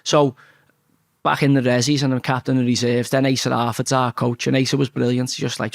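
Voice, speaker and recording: A man with a thick Liverpool Scouse accent tells his stories in a casual interview, blunt and full of swearing. His mid-range voice has a gravelly, crackly edge. The sound is dry and close, with no room echo. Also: medium pitch, a little fast. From Liverpool, England. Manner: blunt, swears freely, animated storyteller. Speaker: interview guest.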